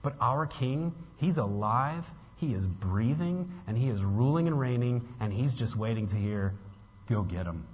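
Husky guy preaching in a big church hall, long echo, kinda dull lo-fi sound, gets real earnest. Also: medium pitch, lively intonation, unhurried, few pauses, darkish tone. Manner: earnest, building to emphatic peaks; casual asides to the congregation. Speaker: pastor. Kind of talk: sermon.

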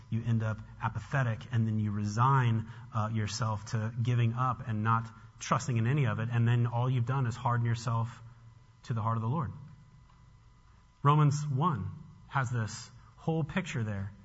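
A man preaching an expository sermon in an animated, conversational way, often restarting his sentences. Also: mid-range voice. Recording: long hall reverb, dull lo-fi sound.

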